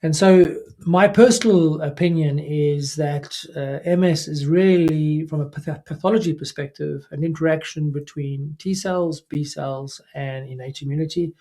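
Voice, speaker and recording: A man, a neurologist, giving a recorded scientific lecture in a measured way, with frequent fillers and self-corrections. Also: fairly high pitch, fairly even intonation, dark tone. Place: remote recording away from the audience.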